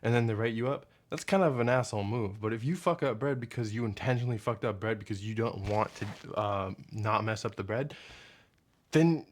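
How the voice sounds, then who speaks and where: Rambling, profane young man with a low voice. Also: fairly quick. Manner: rambling, profane, loses his train of thought; acts out his boss in a hushed mock voice. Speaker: vlogger. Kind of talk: casual rant to camera.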